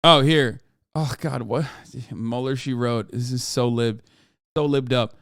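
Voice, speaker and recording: A man's voice: medium pitch, steady tone, measured pace, a bit bright, dry recording, studio quality. A man hosting a casual political reaction stream, sardonic and profane, mocking as he talks. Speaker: streamer host.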